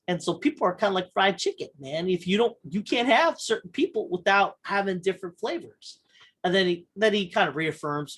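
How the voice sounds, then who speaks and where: Rambling, slightly high-voiced male podcast host. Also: lively intonation, brisk, a bit bright. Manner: rambling storyteller, frequent restarts and filler; profane and blunt. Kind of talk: casual chat.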